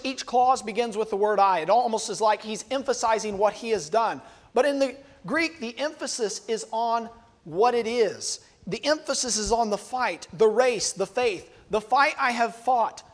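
A preacher giving an expository sermon in a measured teaching manner, reading scripture verses aloud as part of the sermon. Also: mid-range voice.

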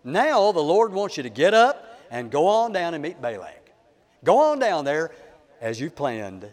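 A man's voice: fairly high pitch, big pitch swings, a little slow, darkish tone, long reverb tail. A man voicing a stern, commanding angel carrying a sword.

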